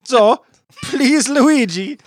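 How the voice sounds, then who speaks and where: Woman doing a plumber hero, male, hammy Italian accent, bossy, blustering, lively pitch. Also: drawn-out words, dry recording, clean studio sound, exaggerated voice. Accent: hammy put-on Italian. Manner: blustering, scolding. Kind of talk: improvised podcast parody.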